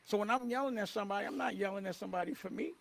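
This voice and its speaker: A man's voice: sits high, racing, gravelly, a bit bright. A man defending himself in an interview, indignant, often repeating and restarting mid-sentence. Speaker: interviewee in a played clip. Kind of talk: heated interview talk.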